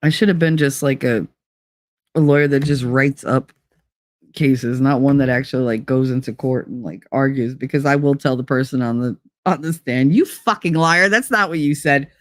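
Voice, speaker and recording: A woman's voice: very deep voice, fairly even intonation, normal speed, a little mellow, no echo, clean studio sound. A woman hosting a livestream talk show, chatting casually with her audience as a blunt, profane, laughing storyteller who slips into put-on accents. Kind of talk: casual chat to a live chat audience.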